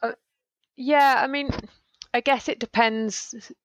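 A woman's voice: on the high side, steady tone, takes it slowly, no room sound. A woman co-hosting a podcast, talking casually in a thoughtful, hesitant way as she searches for words. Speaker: podcast co-host. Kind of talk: casual chat.

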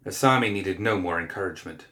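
Low-voiced man reading a story. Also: sharp tone. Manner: measured, descriptive reading. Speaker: narrator. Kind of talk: scripted narration.

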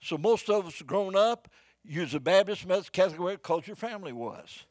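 An older man preaches to his congregation in a folksy, fervent way, his fairly high voice leaping between shouts and near whispers. The pitch swings widely. The sound is close and dry, with little room echo. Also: animated, brisk. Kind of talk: sermon. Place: church before a live congregation.

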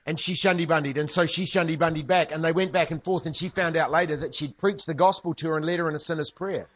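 A man's voice: fairly high pitch, quick pace, slight background noise. A man preaching a sermon, telling stories with humorous asides. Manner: humorous storytelling, lively asides. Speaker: pastor.

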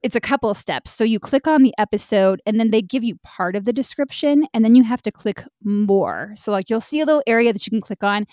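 A woman's voice: a little high, fairly quick, hardly any pauses, dark tone, no room sound. Chatty woman podcast host, dry mic. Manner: chatty, laughs often, swears casually. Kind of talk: casual chat.

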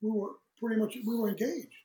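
A man with a high-pitched voice tells a story as an interview guest, slipping into other people's voices and laughing as he goes. The room around him is echoey. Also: quick pace. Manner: animated storyteller who acts out quoted voices, laughs often. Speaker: guest, singer.

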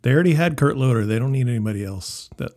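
A man with a slightly raspy voice, co-hosting a casual podcast chat and laughing easily. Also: mid-range voice, lively intonation, fast talker, darkish tone. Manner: laid-back, laughs easily. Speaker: podcast co-host.

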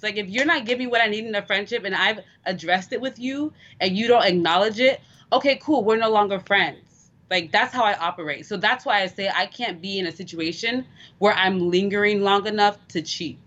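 A woman's voice: medium pitch, expressive, moderate pace, a bit bright, lo-fi sound. A woman co-hosting a casual talk radio show, speaking candidly and chattily with frequent giggles.

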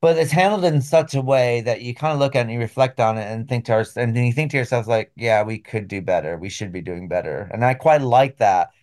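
A man hosting a book podcast, reading a plot synopsis and then discussing the book in loose, halting speech. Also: mid-range voice, darkish tone. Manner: hesitant, restarts often when talking freely. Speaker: podcast host.

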